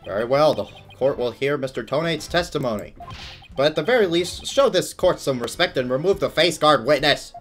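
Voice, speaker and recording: A man doing a loud pompous judge. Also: on the high side, expressive, a little fast, faint music behind, voice pushed up, close to an everyday voice. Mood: stern. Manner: loud, declaiming. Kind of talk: reading a game script aloud.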